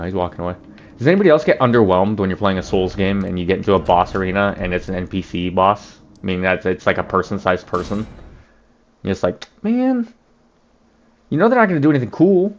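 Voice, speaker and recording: A man's voice: lowish voice, a little hiss or hum. A man hosting a let's play, joking and swearing in casual gameplay commentary. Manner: profane, joking, laughs often.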